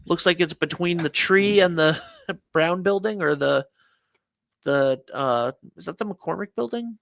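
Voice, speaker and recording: Male morning co-host, rambling talker, a touch high-pitched, dry close sound. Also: unhurried, vocal fry, a bit bright, dry recording. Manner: rambling storyteller, many restarts and fillers. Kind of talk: casual morning show chat.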